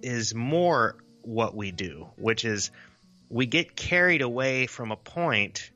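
A man's voice: mid-range voice, lively intonation, slow, bright, forceful tone, soft background music. A man in his forties co-hosting a casual podcast, rambling and self-deprecating, swearing freely. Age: 40s. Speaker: podcast co-host.

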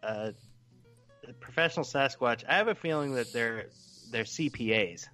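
A man co-hosting a casual comedic chat, loud and joking, swearing freely. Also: mid-range voice, moderate pace, soft background music. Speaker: co-host.

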